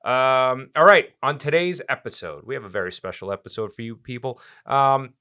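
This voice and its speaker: A man's voice: medium pitch, moderate pace, bright, forceful tone, clean tone. A man in his thirties, a chef hosting a podcast, chatting casually with a teasing, upbeat manner. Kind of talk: casual chat.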